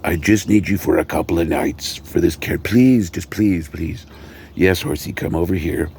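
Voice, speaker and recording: A man voicing a desperate vampire count who coaxes and pleads, then yells and curses. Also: low voice, normal speed, vocal fry, a little hiss or hum. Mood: pleading. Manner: pleading, then yelling and cursing.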